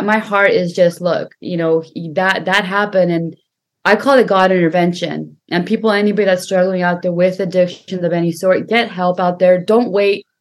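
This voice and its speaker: A woman talking as a podcast guest and healer, telling her story earnestly, often repeating herself for emphasis. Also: on the low side. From Punjabi family. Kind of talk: casual conversation.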